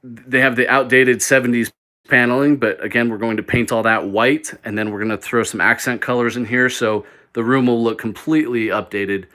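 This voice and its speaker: A man's voice: mid-range voice, fairly even intonation, normal speed, bright, forceful tone. A man hosting a live stream as he walks through a mobile home he is flipping, talking in an upbeat, rambling way with lots of fillers and restarts. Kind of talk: live walk-through vlog. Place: indoors in a small mobile home.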